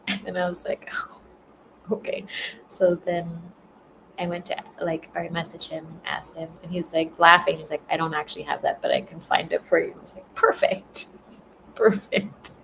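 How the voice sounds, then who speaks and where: A woman's voice: fairly low pitch, fairly even intonation, normal speed, gravelly, a bit bright, a little hiss or hum, rough recording. A woman chatting casually and rambling on a livestream, laughing often as she tells stories. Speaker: spiritual content creator.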